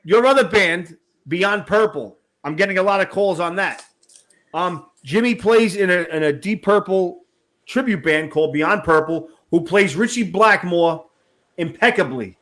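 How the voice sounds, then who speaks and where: A man with a Queens New York accent hosting a rock interview show, talking in a brash, excitable way and swearing freely. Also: sits high, a little slow. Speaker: podcast host. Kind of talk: casual rock interview chat.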